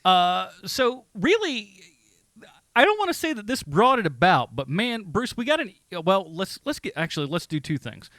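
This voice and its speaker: A man hosting a casual podcast chat, slightly high in pitch and swinging all over the place. He rambles through fillers and restarts and laughs often. The sound is dry and close to the mic. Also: big pitch swings, normal speed, a bit bright, no room sound. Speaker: podcast host.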